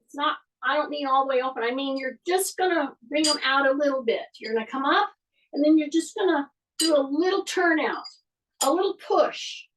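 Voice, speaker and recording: A woman with a high voice leads an exercise class and talks through each move as she demonstrates it. She keeps repeating cues to breathe and drop the shoulders. She sounds a little distant from the microphone. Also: fairly quick, fairly bright tone. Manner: coaching, repetitive breathing cues, demonstrating moves. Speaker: fitness instructor. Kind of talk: guided workout instruction.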